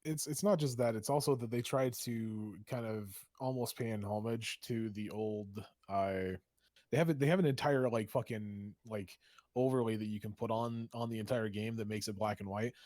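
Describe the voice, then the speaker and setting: A man's voice: lowish voice, steady tone, normal speed, a little mellow, no echo, studio quality. A man co-hosting a gaming podcast who jumps in eagerly and swears as he talks. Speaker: podcast co-host. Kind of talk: casual gaming podcast chat.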